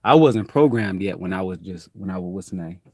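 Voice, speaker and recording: A man rambles through a casual spiritual monologue and swears freely. His voice sits a little low. The sound is dry and close, with no room around it. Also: animated, brisk, no room sound. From Detroit, USA. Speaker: host.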